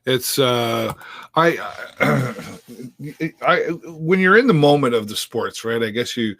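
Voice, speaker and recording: A man's voice: medium pitch, lively intonation, takes it slowly, creaky, fairly bright tone, dry recording, studio quality. A man hosting a live stream, chatting casually with a lot of fillers and restarts. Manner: rambling, many fillers and restarts. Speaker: live-stream host and sports commentator. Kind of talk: casual chat.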